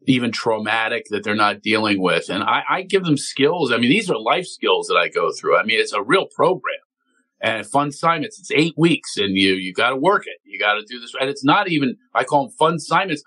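Animated, bright-voiced man telling stories. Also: mid-range voice, poor audio. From Philadelphia. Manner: animated storyteller, acts out voices of others. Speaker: comedian guest. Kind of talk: energetic talk show chat.

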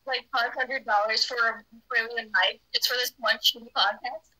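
A woman's voice: fairly high pitch, steady tone, moderate pace, bright, forceful tone, poor audio. A teenage girl chatting on a podcast through an old computer webcam mic, giggly and full of fillers. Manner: giggly, lots of 'like' fillers. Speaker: podcast co-host. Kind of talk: casual chat.

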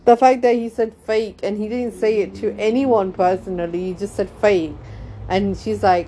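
A woman's voice: mid-range voice, fairly even intonation, moderate pace, warm tone, slight background noise. A young woman hosting a casual gossip podcast, rambling with lots of fillers and frequent laughter. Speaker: podcast host.

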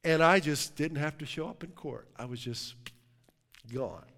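A middle-aged man preaching a sermon as pastor, telling a story in a lively, joking way. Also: a little high, a little slow. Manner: animated storytelling, jokes and laughs with the congregation. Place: church sanctuary. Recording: long hall reverb.

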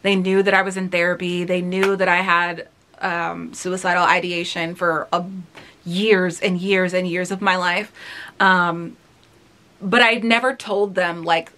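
A woman's voice: lowish voice, level tone, a little slow, bright, forceful tone. A woman of thirty talking candidly and casually as she reacts to her own old video, rambling with many fillers. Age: 30s. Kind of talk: casual reflective commentary.

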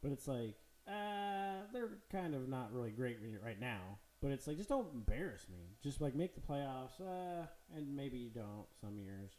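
A man's voice: mid-range voice, very animated, a little slow, few pauses, a little mellow, reverberant, poor audio. A man co-hosting a podcast, chatting casually and animatedly about football, swearing and laughing often. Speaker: podcast co-host. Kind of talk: casual sports chat.

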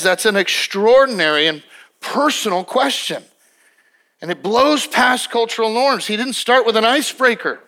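A man's voice: very high voice, pushed and bright. A male pastor preaching a sermon in an emphatic, conversational way, often restarting his sentences.

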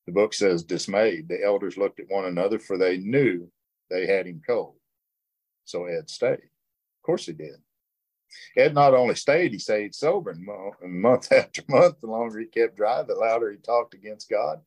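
A man's voice: lowish voice, moderate pace, darkish tone. A middle-aged man leading a recovery workshop, reading passages aloud and sharing his own story in an earnest, plainspoken way. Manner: earnest, plainspoken, with short laughs. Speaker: workshop leader.

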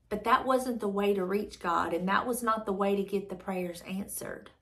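A woman's voice: mid-range voice, moderate pace, hardly any pauses, a bit bright. A woman with a mid-range voice reads from a devotional book and reflects on it aloud. She talks earnestly, circling back over her phrases as she works out her thoughts. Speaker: devotional channel host.

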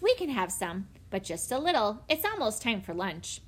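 A woman's voice: mid-range voice, big pitch swings, moderate pace, fairly bright tone, breathy edge. Woman as a confident, practical girl.

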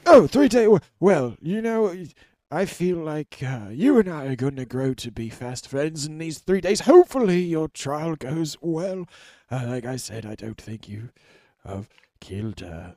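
A man's voice: on the high side, very animated, measured pace, dark tone, no room sound, clean studio sound. A man voicing a rambling old male ex-soldier in prison, stammering and dithering, getting overexcited. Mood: excited. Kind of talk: tabletop role-play voicing.

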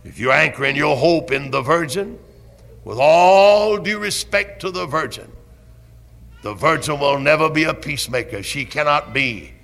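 A man preaching a fiery old-time sermon with a Southern accent, impassioned and building to shouts with drawn-out emphasis. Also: on the high side, gravelly. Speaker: pastor. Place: church sanctuary. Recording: 1970s church recording with long hall reverb.

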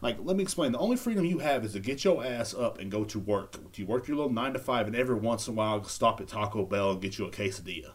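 A man's voice: fairly low pitch, fast talker, few pauses. A man hosting a casual solo podcast, rambling and cracking crude jokes into a recorder. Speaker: podcast host. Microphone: handheld recorder.

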